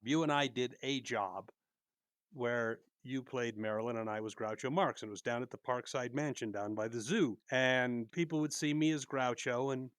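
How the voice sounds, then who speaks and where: A man's voice: mid-range voice, normal speed, a bit bright, no room sound. A man hosting a podcast, chatting casually and telling stories, acting out the voices he quotes. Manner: storytelling, acts out quoted voices. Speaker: podcast host. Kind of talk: casual chat.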